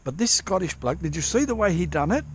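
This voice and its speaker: A man's voice: high-pitched, very animated, fast talker, slightly rough. A man vlogging outdoors while prospecting for gold in drizzle, rambling casually with lots of swearing and restarts. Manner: rambling, profane, self-interrupting. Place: outdoors at a dig site in drizzle.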